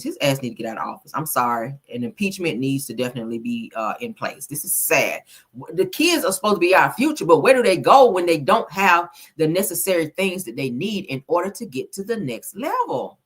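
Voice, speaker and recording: A woman's voice: sits low, a bit bright, breathy edge. A woman hosting a casual news commentary stream, emphatic and blunt, swearing freely and calling her viewers honey and child.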